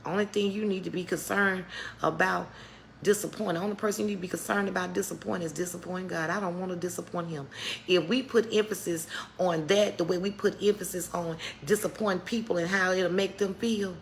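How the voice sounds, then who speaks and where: A middle-aged woman with a fairly low, steady, creaky voice delivers a brisk motivational faith talk on a live stream, with slight background noise. Her style is preacherly; she calls her viewers "baby" and greets people in the chat by name.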